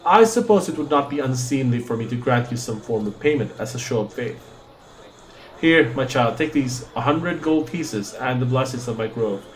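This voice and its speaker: A man reading a gentle, wise old male druid from a game, calm and solemn. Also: medium pitch, normal speed, slight background noise, natural voice. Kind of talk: reading game dialogue aloud.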